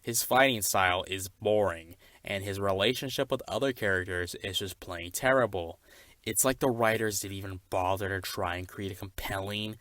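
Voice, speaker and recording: Young man doing a smug male reviewer, rambling, halting, bright tone, dry sound. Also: fairly low pitch, no room sound. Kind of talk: comedy skit.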